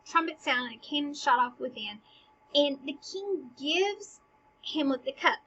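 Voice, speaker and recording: A woman's voice: high-pitched, lively intonation, unhurried, sharp tone. A woman retelling a play scene by scene in a casual teaching style, paraphrasing the lines in modern slang and often dropping to a whisper. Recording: dull lo-fi recording.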